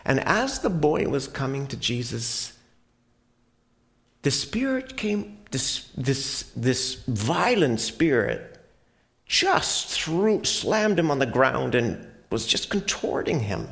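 A man's voice: mid-range voice, very animated, slow pace, vocal fry, fairly bright tone. A man preacher retelling a Bible story dramatically, sometimes dropping to a whisper.

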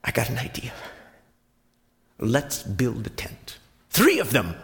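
A man voicing an impulsive, excited disciple who stumbles over his words. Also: medium pitch, takes it slowly, creaky, heavily acted.

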